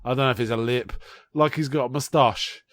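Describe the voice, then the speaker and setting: A man's voice: mid-range voice, steady tone, a little fast, fairly bright tone, no echo. A man co-hosting a podcast, chatting casually and rambling through his explanations with a laugh here and there. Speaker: podcast co-host. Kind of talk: casual chat.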